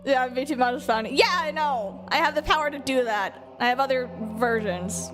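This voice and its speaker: High-voiced woman streamer, very emotional. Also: expressive, normal speed. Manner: emotional, swears a lot, frequent laughter. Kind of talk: gameplay reaction commentary. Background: game music.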